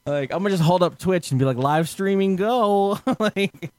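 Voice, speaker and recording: A man's voice: on the high side, a little fast, crowd noise. A man telling a story in a casual podcast chat, laughing often and acting out the people he quotes. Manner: animated, laughing, acts out quotes loudly.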